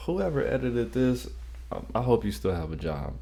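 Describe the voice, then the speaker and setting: A man's voice: mid-range voice, sing-song, normal speed, vocal fry, warm tone. A man hosting a reaction video, making loose, profane, joking asides between clips. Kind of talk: casual reaction commentary.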